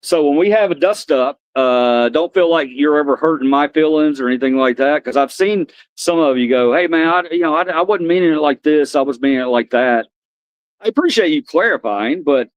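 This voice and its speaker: Guy streaming live, kinda high voice, rambly, keeps repeating himself, dry close sound. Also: no echo. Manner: rambling, repeats and restarts phrases. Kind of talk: casual live-stream chat.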